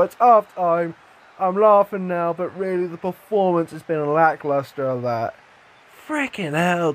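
A young man giving excitable live commentary over his own football video game, swinging into frustrated rants. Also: sits high, a little slow. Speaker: gaming YouTuber.

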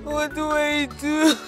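An actress with a Nigerian accent playing a desperate young woman who pleads tearfully with her uncle and breaks into shouting. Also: very high-pitched, moderate pace, music in the background. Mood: despairing. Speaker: desperate daughter. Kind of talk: Nollywood film drama.

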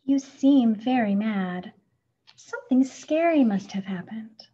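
A gentle female butterfly teacher from a storybook, speaking slowly, firmly and soothingly, as a woman reads her aloud. The voice is breathy and slow-paced. The recording is muffled and lo-fi. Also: on the high side, animated, heavily acted.

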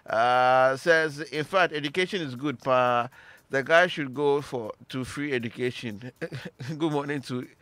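A man with a Ghanaian English accent hosts a live radio show, reading listener messages and teasing his guests. His tone is bright and forceful at a middle pitch. The studio sound is dry and close. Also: a little slow, no echo. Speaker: radio host.

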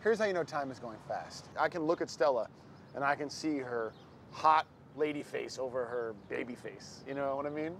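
A man's voice: medium pitch, moderate pace, a bit bright, a little hiss or hum, close to an everyday voice. A man playing a crude rambling friend. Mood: teasing. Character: crude, rambling man needling his friend about fatherhood.

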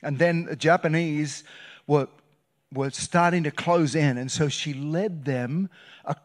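Animated male pastor telling a story. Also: fairly high pitch, measured pace. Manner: animated, shifts between loud bursts and hushed retelling. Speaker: guest pastor. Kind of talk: sermon storytelling. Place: church sanctuary.

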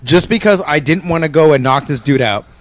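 Man, slightly high voice, profane, heated storytelling, casual chat. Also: brisk, slight background noise.

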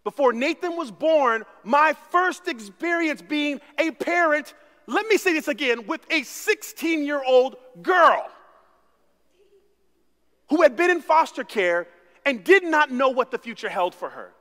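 A man preaching a sermon as pastor, telling stories with big swings from hushed to shouting. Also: extremely high pitch, expressive, moderate pace. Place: church sanctuary. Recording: long reverb of a church hall.

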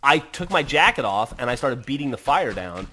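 A man's voice: mid-range voice, moderate pace, slight background noise. A man in his forties telling funny personal stories in a casual chat, swearing freely and acting out the people he quotes. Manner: animated, swears freely, acts out quoted voices. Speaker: podcast host telling stories. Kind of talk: casual storytelling with laughs.

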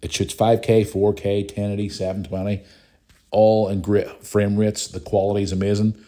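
A man's voice: on the low side, level tone, normal speed, dark tone. A Northern Irish man hosting a podcast, chatting casually in a rambling, teasing way. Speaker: podcast host.

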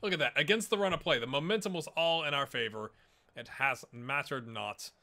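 A man talks through his football management game in a casual, self-mocking way and keeps cheering his players on. His voice is very bright and sits a little high. He speaks close to a desk microphone. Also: fairly quick. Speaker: gaming YouTuber.

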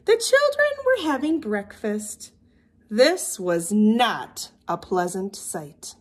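A woman teacher reading a picture book aloud to young children in an expressive storybook manner. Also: medium pitch, slow.

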